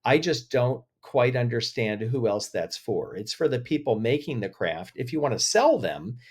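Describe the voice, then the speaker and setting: A man speaking as a podcast guest, telling stories with feeling and lively emotion in an interview. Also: mid-range voice, moderate pace, breathy edge. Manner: emotional, animated storyteller. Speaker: podcast guest, agency head. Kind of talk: interview conversation.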